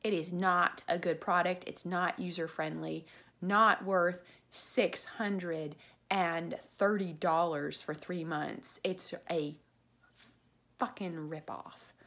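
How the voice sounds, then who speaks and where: A woman's voice: on the low side, fairly even intonation, slow pace, creaky, a bit bright. A woman ranting indignantly in a personal vlog about a service she feels cheated by, repeating herself as her anger builds. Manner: indignant, repetitive, drops to whispers when praying. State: angry. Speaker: customer complaining about a web host. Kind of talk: angry personal rant vlog.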